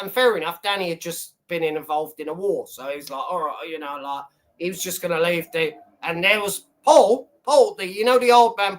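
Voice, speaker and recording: A man's voice: sits high, a bit bright. A man hosting a live stream, telling a rambling story in casual chat, swearing freely and laughing often. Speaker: livestream host.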